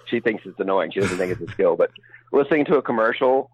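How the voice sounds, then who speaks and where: A man's voice: on the low side, lively intonation, fast talker, slightly rough, lo-fi sound. A middle-aged man who works as a voice actor, chatting casually and rambling with frequent laughs. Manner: easygoing, laughs often, rambling asides. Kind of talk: casual conversation.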